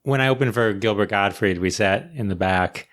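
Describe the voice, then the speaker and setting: A middle-aged man hosting a podcast, chatting casually and joking with his guest. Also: lowish voice. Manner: jokey, quick to laugh. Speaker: podcast host. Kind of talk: casual chat.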